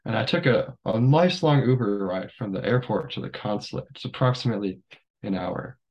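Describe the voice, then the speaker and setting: A man's voice: on the low side, animated, brisk, a little mellow, rough recording. A young adult man, a podcast guest, telling stories in a rambling casual way, full of fillers. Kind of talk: casual storytelling.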